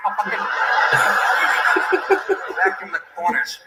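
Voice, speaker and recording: A man's voice: sits high, a little fast, pauses often, reverberant, over music, low-quality recording. A man doing a brash, crude, mocking stand-up comedy routine.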